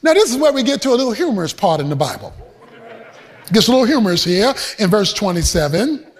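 A man preaching a sermon, shouting with emphasis in a sing-song cadence and adding humorous, folksy asides. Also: extremely high pitch.

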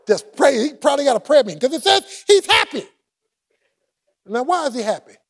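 Brief: male preacher, high-pitched and animated, big swings from shouted lines to quiet asides. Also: brisk, husky. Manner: animated preaching, acting out the prophet's complaints with humor; shifts between shouting and low asides. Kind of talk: sermon.

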